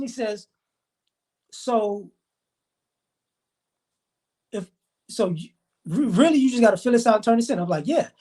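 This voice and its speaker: Here a man speaks high with a darkish tone, telling a story as a rant aimed at the camera. It's heated, fast, and full of swearing, with him voicing the dialogue of the people he describes.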